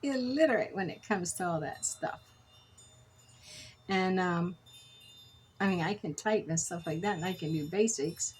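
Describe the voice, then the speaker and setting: A woman's voice: lowish voice, unhurried, pauses often, a little hiss or hum, poor audio. A middle-aged woman chatting casually while making beaded jewelry, telling rambling stories with self-corrections. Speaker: jewelry crafter. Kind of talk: casual crafting vlog chat.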